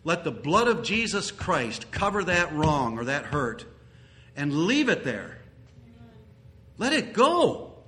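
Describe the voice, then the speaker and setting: A male pastor preaching a sermon in an earnest, repetitive style. His voice is bright and a touch high, and he now and then rises to loud exclamations. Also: sing-song, measured pace.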